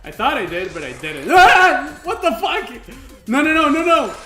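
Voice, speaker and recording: A man streaming a video game, reacting with excitable yelps, laughter and frequent swearing. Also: extremely high pitch, moderate pace, reverberant, faint music behind. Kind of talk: live gameplay commentary.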